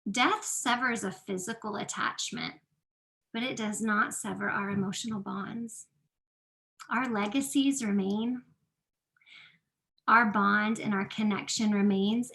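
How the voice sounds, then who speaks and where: A woman's voice: fairly high pitch, vocal fry, pushed and bright. A woman presenting an online workshop, speaking earnestly and conversationally with frequent fillers into a computer microphone.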